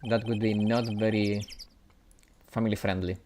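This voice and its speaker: A man's voice: on the low side, little pitch movement, normal speed, darkish tone, a little hiss or hum. A man chatting casually as he streams a game, laughing at himself and stumbling over his words. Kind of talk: live gaming commentary.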